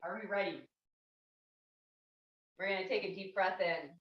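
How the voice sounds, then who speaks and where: A woman teaching a kids and parent yoga class, guiding poses in a gentle, encouraging way with playful animal sounds. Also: on the low side, moderate pace. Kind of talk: guided yoga class instruction. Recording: roomy, distant, dull lo-fi sound.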